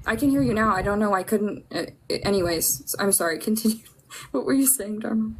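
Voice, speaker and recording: A woman's voice: mid-range voice, fairly quick, breathy edge, poor audio. Chatty woman co-hosting a live stream. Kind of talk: casual chat.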